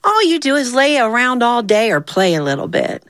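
A woman's voice: a little high, big pitch swings, normal speed, fairly bright tone, dry recording, pitched above the performer's own voice, exaggerated voice. Woman doing a little girl ant, hardworking, scolding, sing-song, dry sound.

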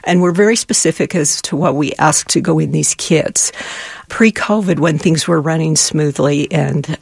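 Earnest woman with a gravelly, husky voice. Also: low-pitched, moderate pace, no room sound. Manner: earnest, emotional, faith-filled. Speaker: charity volunteer. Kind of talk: heartfelt interview storytelling.

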